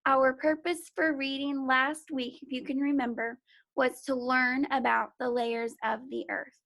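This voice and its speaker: Slow, gravelly-voiced woman teacher. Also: sits high, level tone, fairly bright tone. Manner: slow, patient, encouraging, sounds out letters. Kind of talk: remote phonics and reading lesson for young children. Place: home.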